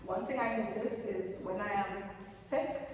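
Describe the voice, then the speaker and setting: A woman's voice: mid-range voice, measured pace, noisy background. A young woman giving casual motivational advice in an emphatic way, often repeating her points. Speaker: vlogger giving new-year tips. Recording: echoey room, voice from far off.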